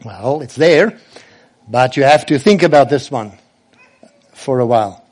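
A man preaching a sermon, emphatic, slowing and rising as he quotes scripture. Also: medium pitch, expressive, a little mellow.

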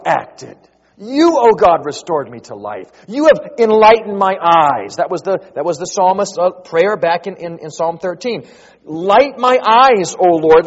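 A man preaching a sermon, rising to loud, drawn-out emphasis as he quotes scripture. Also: sits high, big-room sound, lo-fi sound. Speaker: pastor.

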